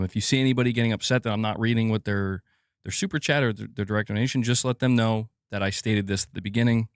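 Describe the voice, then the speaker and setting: A man's voice: lowish voice, clean tone, no echo, clean studio sound. A man streaming gaming news, delivering an impassioned rant that is full of swearing and repeated words for emphasis. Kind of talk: live stream commentary rant.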